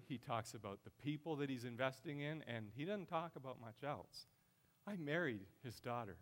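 A middle-aged man preaching a sermon with passion, his voice swelling loud and high as he drives his points home. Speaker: pastor.

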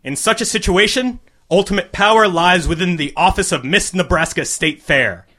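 A man's voice: high-pitched, normal speed, sharp tone, pitched above the performer's own voice. A man doing a solemn contest judge. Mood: formal. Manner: formal, ceremonious.

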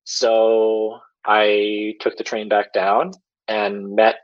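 A man's voice: on the low side, completely flat delivery, extremely slow, muffled recording. A man telling a personal story as a podcast guest, rambling casually with lots of fillers and chuckles. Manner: rambling, filler-heavy, chuckles while talking.

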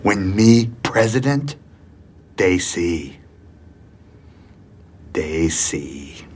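An actor playing a slow, simple-minded man who speaks in clipped, broken phrases in a TV comedy scene. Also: deep voice, expressive, darkish tone, slight background noise, full character voice. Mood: smug. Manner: broken clipped grammar, drawn-out delivery.

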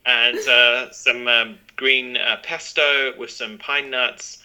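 A man's voice: medium pitch, steady tone, takes it slowly, sharp tone, clean tone, poor audio. A man, raised in Zimbabwe, speaking as a friendly, chatty podcast guest with frequent fillers. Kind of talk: casual interview.

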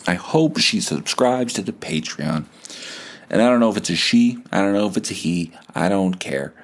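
A man's voice: deep voice, animated, moderate pace. A man in his thirties hosting a podcast, telling a rambling, self-deprecating comic story with some swearing. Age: 30s. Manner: rambling, digressive, profane storytelling. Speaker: podcast host. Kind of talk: comedic podcast monologue.

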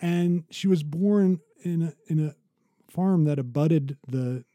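A man co-hosting an academic podcast has a very dark, mellow voice at a fairly high pitch, recorded dry and close with no room sound. Relaxed and conversational, he tells a story in halting bursts, often restarting.

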